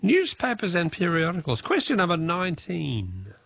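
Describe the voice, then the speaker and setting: An Australian man hosting a radio quiz, reading questions and taking callers briskly. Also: high voice, huge pitch swings, gravelly, fairly bright tone, slightly rough, no echo.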